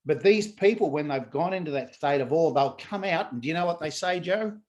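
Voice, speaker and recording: A man who works as a laughter yoga trainer, talking as a guest in a casual conversation in an animated way and acting out what people say. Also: a little high, a little fast, dull audio.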